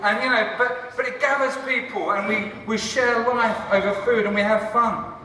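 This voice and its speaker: A man, a church leader and cafe founder, giving a lively conference talk with jokes for the audience. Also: sits high, normal speed. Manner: enthusiastic, joking, chatty with the audience. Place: large conference hall. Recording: echoey hall from far off.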